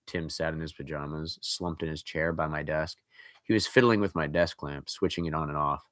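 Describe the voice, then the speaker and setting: A man's voice: extremely low pitch, lively intonation, moderate pace, a bit bright, dry recording, clean studio sound. A man reading a scary story aloud, breaking in with casual, joking asides.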